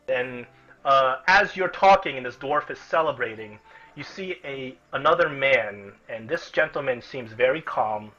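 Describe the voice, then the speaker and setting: A man narrating as game master in an easygoing, rambling way, with a husky voice. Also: mid-range voice, animated, a little slow, bright, forceful tone, muffled recording, soft background music. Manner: easygoing, restarts a lot.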